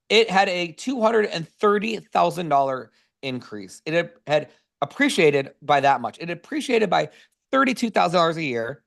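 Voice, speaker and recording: A man telling casual stories about real estate investing in a webinar, energetic and full of "like" fillers, on a video call. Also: on the high side, creaky. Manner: energetic, filler-heavy, says "like" constantly. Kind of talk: casual storytelling presentation.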